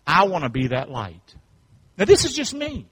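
A man pastor preaching a sermon, calling out to his congregation and swinging from quiet asides to shouts. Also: high voice, wildly swooping pitch, moderate pace, slightly rough. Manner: call-and-response preaching, swings from hushed to shouting. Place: church sanctuary.

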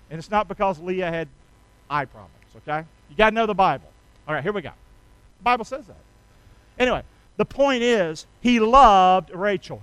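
A middle-aged man preaching a sermon, calling on the congregation to repeat lines with him and rising loud on key phrases. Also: sits high, clear, resonant tone, dry recording, poor audio. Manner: call-and-response preaching, asks congregation to repeat. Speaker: pastor.

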